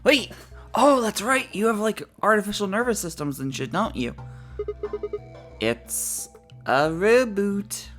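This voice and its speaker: An excitable woman hosts a let's play, swearing freely and mimicking the characters' lines. Her voice sits mid-pitched, with game music faint behind her. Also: normal speed. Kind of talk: casual gameplay commentary.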